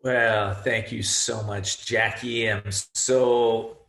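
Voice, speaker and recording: A man giving an energetic, emphatic motivational talk on a video call, repeating his key phrases. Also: on the low side, extremely slow, vocal fry, echoey room. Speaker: guest speaker.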